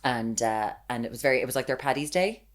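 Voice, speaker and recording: An Irish woman with a strikingly low voice co-hosts a podcast, swapping stories in casual chat. Her speech swings widely in pitch and she laughs easily. She grew up in Limerick. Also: lively intonation. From Limerick, Ireland. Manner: chatty storyteller, quick to laugh. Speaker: podcast co-host.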